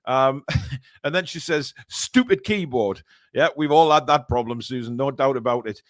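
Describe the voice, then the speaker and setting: A man's voice: mid-range voice, normal speed, fairly bright tone, dry recording, studio quality. A man hosting a football podcast, reading chat comments with jokes and stammering restarts. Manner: jokey, hesitant, repeats words. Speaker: host.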